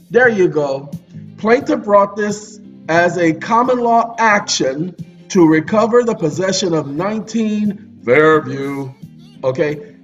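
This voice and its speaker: A man hosting his channel, explaining law casually in an animated, preachy way and talking straight to the viewers. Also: high voice, dull audio. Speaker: channel host. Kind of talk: casual legal explainer with screen search.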